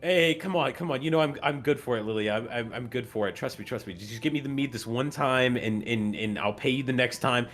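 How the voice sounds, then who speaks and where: A man's voice: mid-range voice, fairly quick, few pauses, a bit bright, soft background music, lightly acted. A man voicing a drunk old man who stammers and pleads for a drink. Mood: wheedling.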